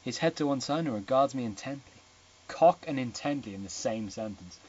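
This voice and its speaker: A man reads a novel aloud on a dull, lo-fi home mic, stopping often to mock the text. His voice is husky and jumps lively up and down in pitch. He swears casually. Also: brisk. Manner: irreverent, swears, mocks the text. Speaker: reader of a novel. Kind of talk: comic reading with asides.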